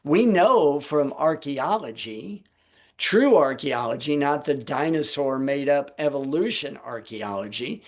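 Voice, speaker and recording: Slow, deliberate male Bible teacher. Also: fairly high pitch, expressive. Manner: deliberate, rhetorical questions to listeners. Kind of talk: Sabbath teaching on a video call. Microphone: video call.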